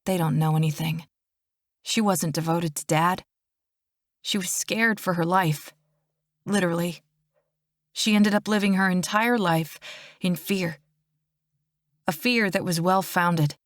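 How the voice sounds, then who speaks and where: A woman's voice: lowish voice, fairly even intonation, a little slow, long pauses, no room sound, studio quality. A woman narrating a romance audiobook in the first person, subdued and reflective.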